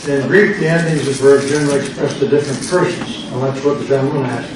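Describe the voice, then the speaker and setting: An older man, a pastor, slowly and patiently explaining grammar in a classroom lecture. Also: mid-range voice. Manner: slow, patient explaining with repetition. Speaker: pastor teaching a Greek class. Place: church classroom. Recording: echoey classroom from far off with background noise.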